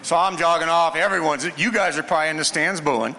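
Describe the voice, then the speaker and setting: A former player tells a locker-room story with a bright, forceful voice that sits a little high for a man. He chuckles through it, animated and loose, and a long hall echo rings after his words. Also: brisk. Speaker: former football player, panel guest. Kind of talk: storytelling anecdote. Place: large hall with an audience. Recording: echoey hall.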